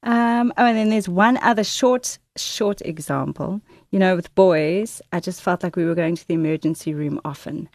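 A woman in her thirties speaking in a candid, conversational Christian talk, often laughing and quoting herself with animated bursts. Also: on the low side, moderate pace, hardly any pauses, dry recording, studio quality. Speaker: guest speaker.

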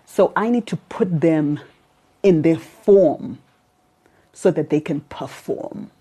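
Low, husky woman speaking with conviction. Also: slow, warm tone. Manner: emphatic, explaining with conviction. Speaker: guest, make-up artist. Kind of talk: interview conversation.

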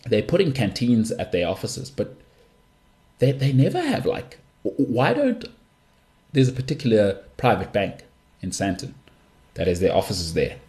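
A man's voice: on the low side, sing-song, normal speed, pauses often, a little mellow. A young man hosting a solo podcast, talking in a chatty, jokey way and jumping between asides. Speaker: podcast host.

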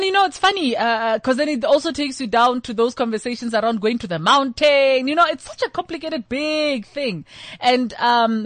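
A middle-aged woman with a South African accent, chatting and telling stories in an animated way, acting out the people she quotes. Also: mid-range voice, dry recording. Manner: animated storyteller, acts out quoted voices. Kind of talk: casual chat.

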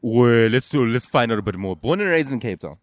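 A man's voice: medium pitch, expressive, a little fast, no echo. Joking man hosting a podcast. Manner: joking, teasing, rambling with many restarts. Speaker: podcast host. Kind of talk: casual street interview. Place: outdoor skate park. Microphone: handheld microphone.

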